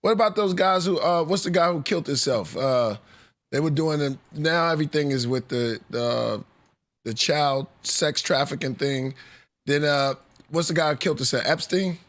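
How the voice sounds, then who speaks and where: A man's voice: fairly high pitch, moderate pace, a bit bright. Rambling casual man hosting a podcast. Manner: rambling, searching for words, many fillers. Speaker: podcast host.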